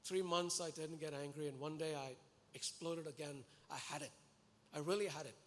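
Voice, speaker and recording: A man preaching a sermon to a congregation, earnest and animated, pleading and exhorting his listeners. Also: on the high side, normal speed, a little hiss or hum. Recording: echoey hall with long reverb.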